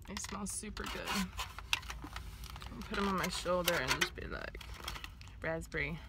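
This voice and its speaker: A woman hosting a casual eating show, chatting about her food with quick giggles and the odd whispered aside. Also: lowish voice, very noisy. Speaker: mukbang host.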